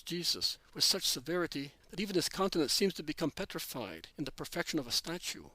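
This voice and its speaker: Male narrator for a scripted religious story, measured and plain, slightly high voice, dry recording. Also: sing-song, bright, forceful tone, no room sound.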